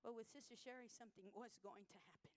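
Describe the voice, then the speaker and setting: High-voiced woman preacher telling stories. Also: quick pace, low-quality recording. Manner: animated storytelling, acting out quotes. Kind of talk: sermon testimony.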